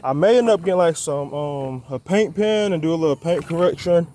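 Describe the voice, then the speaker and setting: This young man's voice is a little high, brisk and dark in tone, with a touch of hiss or hum. He's a car vlogger working on his car outdoors on a quiet roadside, slightly out of breath, rambling loosely to viewers he calls y'all.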